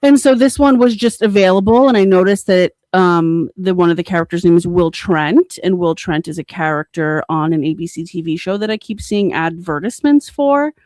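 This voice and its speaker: A woman's voice: lowish voice, moderate pace, hardly any pauses, no room sound. Chatty woman podcast co-host, dry sound. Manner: chatty, many fillers, bursts of excitement. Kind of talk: casual chat.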